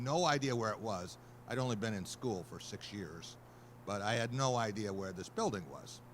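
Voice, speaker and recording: A man's voice: fairly low pitch, slight background noise. A male sportswriter on a panel, telling a wry anecdote and acting out the people in it. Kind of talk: panel talk, storytelling.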